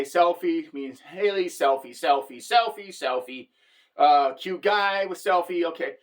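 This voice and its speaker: A middle-aged woman telling a comic personal story to the camera, animated and conversational, with frequent asides to the viewer. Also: mid-range voice. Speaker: comedic storyteller.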